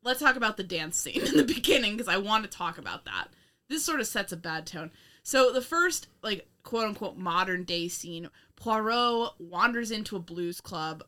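A woman's voice: mid-range voice, big pitch swings, moderate pace, sharp tone. A young woman co-hosting a casual film review chat, rambling, laughing often and swearing with sarcastic asides. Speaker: podcast co-host.

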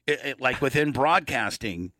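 A man's voice: medium pitch, lively intonation, normal speed, bright, forceful tone, no room sound. A man co-hosting a casual comedy podcast, profane, indignant and rambling. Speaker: podcast co-host.

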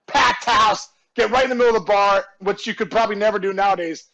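A high-pitched man with a gravelly, creaky edge tells a story in a casual interview. He acts out the voices of the people in it, bursts into shouts for the punchlines, and laughs easily and often. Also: fast talker, highs cut off. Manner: laughs often, warm and effusive. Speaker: guest, former baseball player. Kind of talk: animated storytelling in casual chat.

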